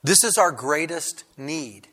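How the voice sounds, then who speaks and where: A male pastor delivers a sermon in a bright, forceful voice pitched a little high. He often stumbles and restarts his phrases. At times he climbs into loud, fervent preaching. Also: animated, takes it slowly. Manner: preaching with many restarts, rising to loud fervor.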